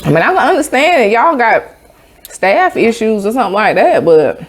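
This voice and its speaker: A woman's voice: on the high side, sing-song, moderate pace, slight background noise. A woman from Tampa, telling a sassy, emphatic story with sound effects in a casual vlog chat. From Tampa, Florida. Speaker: vlogger.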